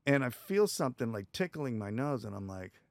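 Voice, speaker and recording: A man's voice: medium pitch, brisk, vocal fry, no room sound. A man telling a story as a podcast guest, acting out the people in it as he goes. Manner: animated, acts out quotes in the story. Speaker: guest, stuntman. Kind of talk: casual storytelling.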